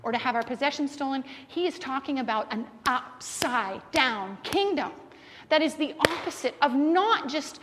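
A woman's voice: high voice, moderate pace. A woman in her thirties preaching a sermon, telling family stories and acting out what people said. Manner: animated storyteller acting out family quotes. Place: church sanctuary. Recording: reverberant church hall, faint room noise.

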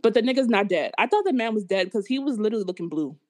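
A woman in casual podcast chat, telling a story in slangy, animated talk. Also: medium pitch, very fast.

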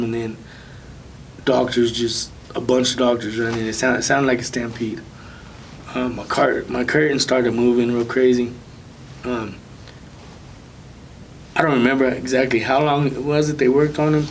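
A man casually recounting a personal story of faith as an interview guest, soft-spoken with light nervous laughs. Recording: distant mic with faint low rumble.

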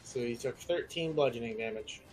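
A man narrating a tabletop game as game master, in loose, halting speech full of fillers. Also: medium pitch, soft background music.

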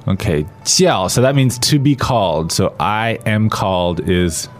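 A man's voice: on the low side, animated, unhurried. A man explaining phrases conversationally in a podcast language lesson. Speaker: language teacher.

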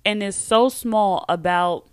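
Speaking slowly in a mid-range, clear and resonant voice, this woman hosts a podcast solo, chatty and emphatic, frequently trailing off to restart. It's casual talk plus a read sponsor ad, studio quality with no echo.

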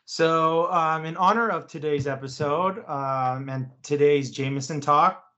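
A man's voice: on the high side, measured pace, sharp tone, muffled recording. A young man co-hosting a casual podcast, easygoing and chatty, with lots of "um"s. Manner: easygoing, chatty, with many fillers. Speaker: podcast co-host. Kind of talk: casual chat.

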